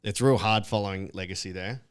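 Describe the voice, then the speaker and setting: Man, young adult, lowish voice, slangy casual storytelling, swears a lot. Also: a little fast, clean tone. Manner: laid-back slangy storytelling, swears freely. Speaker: comedian and podcast co-host.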